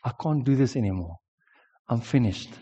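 A South African man quoting a tired, upset teenage schoolgirl in a quiet voice. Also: medium pitch, animated, normal speed, breathy edge.

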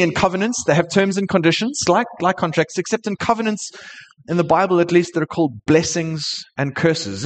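A man preaching a sermon to his church, earnest and sincere, with frequent hesitations. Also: on the high side. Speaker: pastor. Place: church hall. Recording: long hall reverb.

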